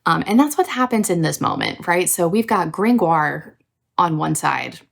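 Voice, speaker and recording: A woman's voice: lowish voice, moderate pace, vocal fry. A young adult woman hosting a casual book review video, ranting with plenty of swearing. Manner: ranting, profane, animated.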